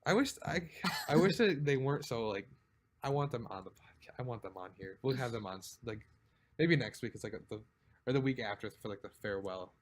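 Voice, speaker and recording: A man's voice: mid-range voice, lively intonation, brisk. A man co-hosting a casual podcast, telling a long, rambling story with frequent laughs and lots of "like". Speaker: podcast co-host. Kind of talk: casual chat.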